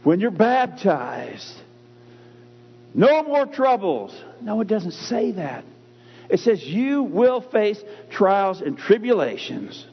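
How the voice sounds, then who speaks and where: A man preaching with a husky, slightly high voice that swings widely in pitch. He hammers key phrases through slow, drawn-out repetition. The recording is dull and muffled, with a long reverb ringing through a church sanctuary. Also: sing-song. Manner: emphatic, repeats key phrases with drawn-out stress. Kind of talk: sermon.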